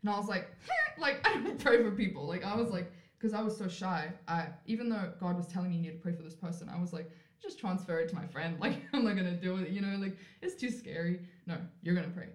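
A woman from South Africa, a podcast guest, telling a personal story in casual talk, animated and full of "like" fillers, acting out what others said. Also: lowish voice, quick pace, hardly any pauses. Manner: animated, acts out quoted voices, frequent "like" fillers. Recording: roomy echoey room.

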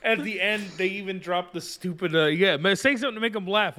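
Bright, high-voiced podcast guy. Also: expressive, fairly quick, hardly any pauses. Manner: giggly, reads out stories. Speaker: podcast co-host. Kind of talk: casual comedic chat.

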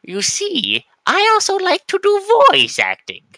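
A man voicing a sneaky, mischievous male goblin in a drawn-out, theatrical way. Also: very high voice, huge pitch swings, bright, forceful tone, no room sound, pitched above the performer's own voice, full character voice.

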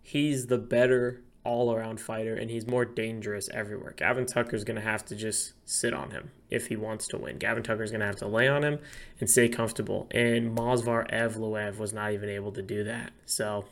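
A man co-hosting a casual fight-betting podcast, excitable and profane, hyping up his picks. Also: fairly low pitch, fairly quick, creaky. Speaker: podcast co-host. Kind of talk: casual chat.

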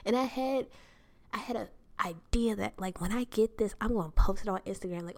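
A young woman rambles through a solo podcast episode. She is chatty and animated and breaks into laughter often. Her voice sits at a middle pitch. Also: brisk. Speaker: podcast host. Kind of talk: casual solo podcast rant.

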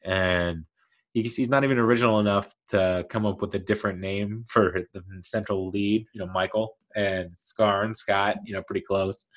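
A man's voice: on the low side, steady tone, moderate pace. A man talking casually as a video host, rambling and correcting himself, with frequent chuckles. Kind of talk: casual commentary.

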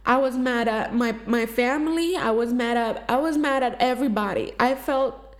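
A woman's voice: a little high, normal speed. A woman telling a personal story in a candid, emotional confessional monologue, with heavy swearing, fillers and restarts. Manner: raw, emotional, swears freely. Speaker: vlogger sharing a personal story.

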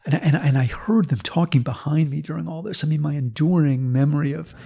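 Fairly quick and fairly high-pitched, his voice carries vocal fry with a breathy edge. A history professor in conversation, he tells a story with animation, performing the quoted voices in blunt, emphatic, sometimes profane terms.

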